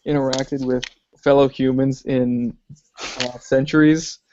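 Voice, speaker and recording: A man's voice: mid-range voice, level tone, measured pace, a little mellow, slight background noise. A man co-hosting a podcast, thinking aloud in a hesitant way with many fillers while discussing films. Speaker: podcast co-host. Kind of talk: casual film discussion chat. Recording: dry, dull lo-fi podcast audio.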